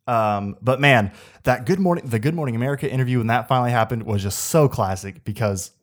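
A man chatting casually about a film he just watched. His retelling rambles and stays animated, full of filler words and easy laughter. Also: mid-range voice, fast talker. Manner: laughs often while retelling. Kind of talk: casual movie recap chat.

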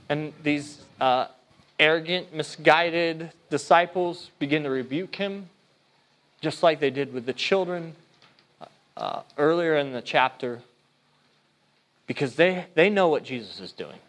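High-pitched, conversational male preacher. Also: a little slow, pauses often. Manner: conversational, animated, voices quotes in a higher pitch. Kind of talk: sermon.

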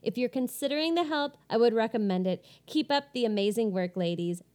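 A woman's voice: fairly high pitch, animated, brisk, a little mellow. A woman co-hosting a podcast, chatting casually and reading listener reviews aloud in a bubbly, giggly way with many fillers. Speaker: podcast co-host.

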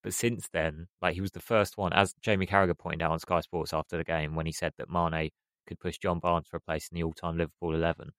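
A man's voice: deep voice, flat delivery, quick pace, fairly bright tone, clear, resonant tone, no echo. A man chatting as a podcast pundit, enthusiastic and piling up clauses. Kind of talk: casual football discussion.

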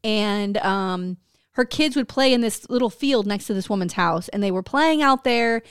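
A woman co-hosting a casual podcast, talking bluntly with plenty of swearing and animated storytelling. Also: mid-range voice, moderate pace, clean tone, no room sound, clean studio sound. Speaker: podcast co-host.

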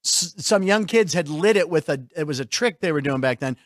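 High-voiced joking male show host. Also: animated, dry recording, clean studio sound. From Pittsburgh. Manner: joking, rambling, quick asides to the chat. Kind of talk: casual comedic radio chat.

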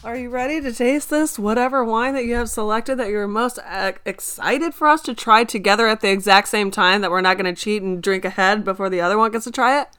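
A woman's voice: a little high, fairly quick, few pauses, clean tone. A woman co-hosting a podcast in casual chat, telling stories at an easy pace and laughing along. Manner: relaxed storytelling, laughs along. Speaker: podcast co-host.

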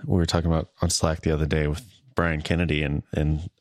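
A man's voice: extremely low pitch, little pitch movement, fast, no room sound, clean studio sound. A man co-hosting a podcast, talking in an easygoing, reflective way and reading scripture aloud in a casual Bible study discussion. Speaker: podcast co-host.

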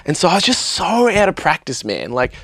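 A man's voice: fairly high pitch, brisk, no room sound, studio quality. A young man, a podcast guest telling rambling, sweary stories about his singing career. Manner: rambling, sweary, animated storytelling. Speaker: podcast guest, vocalist and producer. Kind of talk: casual podcast chat. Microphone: studio mic on a stand.

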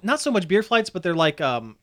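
A man's voice: high-pitched, sing-song, fairly quick, fairly bright tone. Chatty man rambling through a story. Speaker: podcast co-host. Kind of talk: casual chat.

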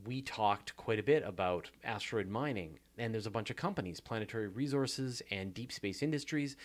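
A Canadian man hosting a casual viewer Q&A, chatty and self-deprecating, with many fillers and restarts. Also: medium pitch. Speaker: show host answering viewer questions. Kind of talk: casual live Q&A chat.

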